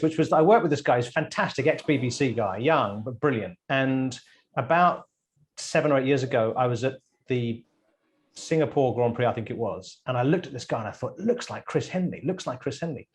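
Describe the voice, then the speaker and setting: A man presenter jumping in to tell lively anecdotes in a casual video panel chat. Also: mid-range voice. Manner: storytelling, lively, quick to jump in.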